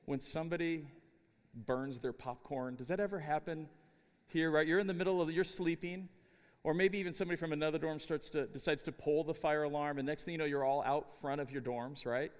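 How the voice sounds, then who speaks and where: A middle-aged man giving a chapel sermon, telling stories with an animated, humorous delivery. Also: on the high side, a little fast, clear, resonant tone, in a large hall. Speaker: chapel speaker. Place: university chapel.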